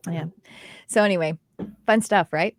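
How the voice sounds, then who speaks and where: A woman's voice: fairly low pitch, moderate pace, no room sound. Middle-aged woman host, chatty, acts out little stories, dry close sound. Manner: animated storytelling with quoted dialogue and laughs. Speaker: host, intuitive development teacher. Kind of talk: casual chat.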